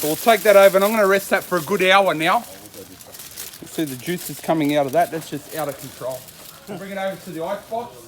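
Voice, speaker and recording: This middle-aged Australian man is a chef doing a lively, laid-back cooking demo in his home backyard next to a smoker, returning again and again to his catchphrases. He speaks a little fast in a high-pitched voice.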